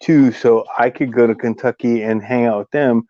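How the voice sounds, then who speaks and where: A man from California co-hosting a casual livestream chat, blunt and profane, telling animated stories. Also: medium pitch, normal speed, dry recording, muffled recording.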